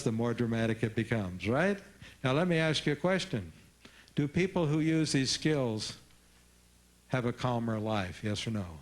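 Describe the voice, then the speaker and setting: Man giving a lively parenting seminar. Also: mid-range voice. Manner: lively, teasing, coaxes audience responses. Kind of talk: live seminar talk to an audience.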